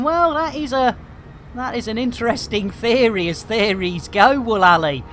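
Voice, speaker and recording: A man's voice: high voice, lively intonation, moderate pace, fairly bright tone, a little hiss or hum. A man livestreaming a space game, chatting casually with viewers in a cheeky, playful way and full of hammy exclamations. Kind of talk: casual chat with chat shout-outs. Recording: faint game music behind.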